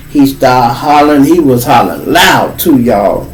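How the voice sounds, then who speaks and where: A man's voice: medium pitch, normal speed, recorded from a distance, slight background noise, poor audio. A man with a Chicago accent hosting a podcast, telling a story in a loose, profane monologue and acting out the people he quotes. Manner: profane, animated, acts out quoted voices. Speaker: podcast host.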